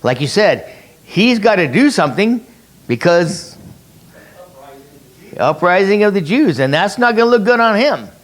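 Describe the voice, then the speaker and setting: A man's voice: sits high, very animated, unhurried, pauses often. A man leading a conversational Bible study, explaining through rhetorical questions and repeating his key points. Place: church meeting room.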